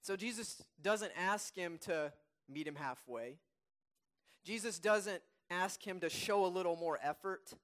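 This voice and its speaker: A male pastor preaching a sermon, emphatic and repeating key phrases, and reading scripture aloud slowly and softly. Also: high-pitched.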